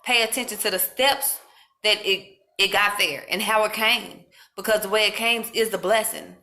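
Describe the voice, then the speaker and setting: A woman's voice: mid-range voice, fairly even intonation, moderate pace, bright, forceful tone. A woman speaking earnestly and informally to her viewers, giving casual spiritual encouragement. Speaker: faith vlogger.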